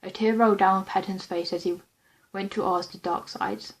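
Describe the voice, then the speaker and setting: Brief: woman of medium pitch reading her own fan script, plain and unpolished, stumbling now and then. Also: steady tone, normal speed, poor audio. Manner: plain unpolished reading with small slips and restarts.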